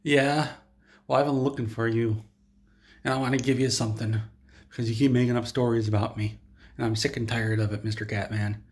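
A man's voice: medium pitch, fairly even intonation, a little fast, close to an everyday voice. A man voicing a short, irritated male game developer who complains petulantly.

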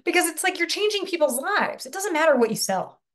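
A woman's voice: very high voice, very animated, fairly quick, fairly bright tone. A middle-aged woman business coach giving a casual, chatty live online lesson, often asking her listeners questions and swearing lightly.

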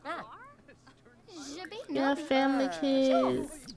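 A young woman giving casual, chatty let's-play commentary, talking straight to her viewers with excited squeals. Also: high-pitched, extremely slow, vocal fry. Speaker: gaming YouTuber.

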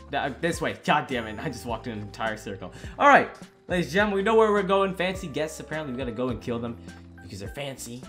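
A young man giving casual let's-play commentary on a video game, excitable and joking, often exclaiming as he plays. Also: medium pitch. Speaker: gaming YouTuber.

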